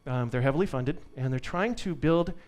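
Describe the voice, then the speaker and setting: A man's voice: mid-range voice, brisk, a little mellow. A man giving a live conference tech talk to an audience, upbeat and joking. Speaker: conference speaker.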